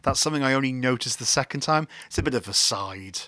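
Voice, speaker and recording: Bright-voiced man chatting about films. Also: medium pitch, expressive, quick pace, dry recording. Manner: rambling, self-correcting, wry. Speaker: film podcast co-host. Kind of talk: casual film discussion.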